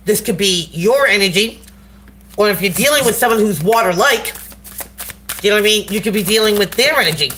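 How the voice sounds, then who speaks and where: A woman's voice: medium pitch, a bit bright. Brief: woman tarot reader streaming live on a phone, chatty, slangy, faint background noise. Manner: casual, slangy, encouraging. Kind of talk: live tarot reading to viewers.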